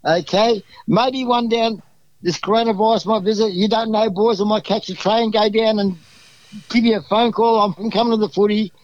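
A man's voice: high voice, steady tone, moderate pace, dry recording, lo-fi sound. An Australian man talking as a podcast guest, telling rambling, exuberant stories full of restarts. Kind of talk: casual storytelling.

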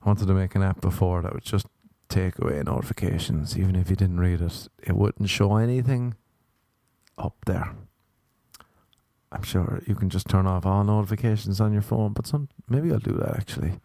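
Young male comic, low mellow voice, loose sweary rambling delivery. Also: normal speed, creaky, dry recording. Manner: sweary, laughing, rambling storyteller. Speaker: stand-up comedian. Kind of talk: casual rambling monologue.

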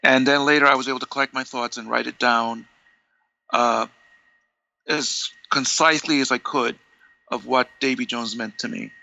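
A man, an interview guest telling animated stories and acting out the dialogue. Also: mid-range voice, normal speed, creaky, dull audio. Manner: animated, acts out quoted dialogue, many restarts. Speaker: interview guest, longtime fan. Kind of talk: conversational storytelling.

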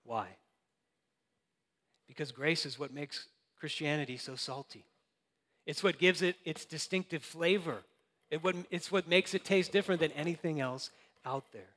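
A man's voice: fairly high pitch, normal speed, pauses often, a bit bright, long reverb tail. Earnest young man preaching a sermon. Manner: earnest, conversational preaching with light laughs. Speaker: pastor.

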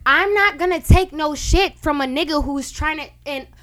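A woman's voice: high-pitched, normal speed, a bit bright. A woman in a casual group discussion, outspoken and blunt, swearing freely.

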